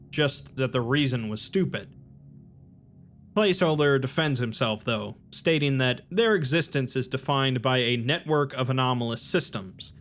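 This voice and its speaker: A man retells a story's events in a measured, even narrating voice at a middling pitch. Soft music plays faintly beneath his words.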